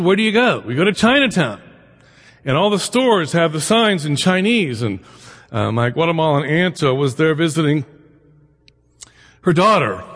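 A man's voice: fairly high pitch, big-room sound. A middle-aged man giving a conversational lecture, full of anecdotes, asides and rhetorical questions. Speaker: lecturer on the Bible and immigration.

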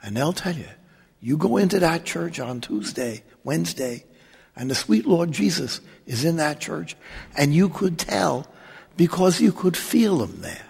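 A Catholic priest tells wry, joking stories to an audience. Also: male voice, on the high side, unhurried, gravelly, breathy edge. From New York. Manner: wry, joking, animated storyteller. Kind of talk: humorous storytelling talk. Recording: long reverb of a large hall.

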